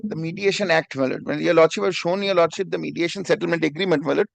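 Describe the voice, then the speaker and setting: A man's voice: a little high, fairly even intonation, fast, gravelly, no echo. A man, arguing a case as an advocate in court, deferential and addressing the judge again and again. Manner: deferential, repeats "my lord" constantly. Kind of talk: courtroom argument.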